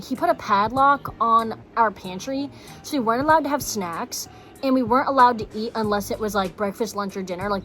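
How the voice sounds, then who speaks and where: A woman's voice: fairly high pitch, fairly bright tone. A young woman from Texas telling a personal story in a casual vlog, blunt and swearing, full of "like" fillers. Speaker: vlogger.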